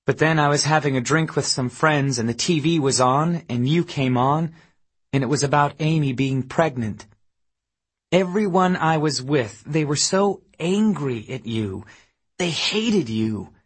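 A man's voice: a little high, unhurried, slightly rough, voice pushed up. A man voicing a guarded, bitter woman from Memphis. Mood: confiding. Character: guarded, bitter woman, a mother of young kids.

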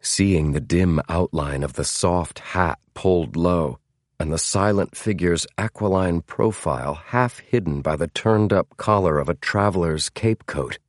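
A man narrating a novel as an audiobook in a measured, dramatic storytelling manner. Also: sits low, a little mellow, no room sound, clean studio sound. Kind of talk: scripted narration.

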